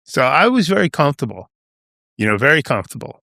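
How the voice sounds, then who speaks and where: A Long Island man in his seventies, guesting on a podcast, tells a rambling, casual story full of "you know" and "right?" His voice sits on the high side, gravelly, pushed and bright, with a sing-song lilt and a quick pace. The studio recording is clean and dry.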